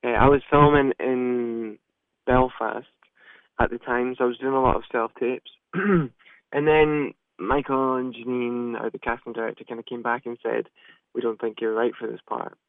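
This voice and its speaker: A man with a Scottish accent, an actor guest chatting casually and relaxed in an interview. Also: medium pitch, moderate pace, no echo. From Scotland. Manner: relaxed, chatty, with self-deprecating asides. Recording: tinny phone line.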